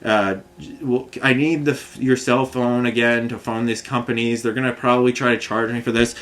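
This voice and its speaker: A man delivers a long, frustrated monologue to camera. He rambles, restarts and swears freely. His voice sits at an ordinary mid-range pitch. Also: level tone, normal speed, a bit bright. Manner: rambling, agitated, swears often. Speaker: vlogger.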